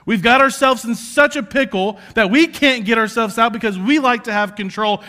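A man preaching a sermon, passionate and conversational, who swings from yelling out prayers to hushed near-whispers. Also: very high voice, normal speed, hardly any pauses. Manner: self-confessed yeller, passionate and conversational. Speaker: pastor.

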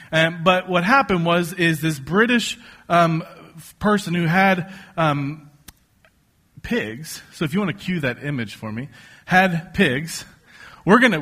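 Bright-voiced joking pastor man. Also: on the high side. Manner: conversational, joking, animated storytelling. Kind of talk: sermon. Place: church stage before a congregation.

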